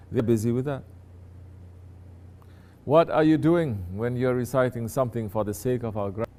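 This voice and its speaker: Man giving a slow, chatty sermon. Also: medium pitch, mellow. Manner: slow, conversational teaching with asides to listeners. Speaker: sheikh teaching disciples.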